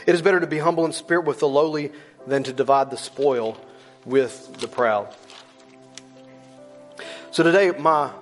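A middle-aged male pastor preaching a sermon in a church, emphatic and conversational, repeating lines and slowing down low on key words. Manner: rises loud for emphasis, drops low and slow on key words.

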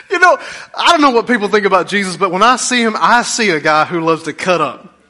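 A pastor preaching a sermon in a folksy, humorous way, swinging between loud bursts and hushed asides. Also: male voice, high voice, fast talker, a little hiss or hum.

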